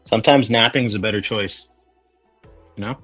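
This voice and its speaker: A man's voice: lowish voice, moderate pace, fairly bright tone, soft background music. A man hosting a casual chat, rambling and joking through tangents.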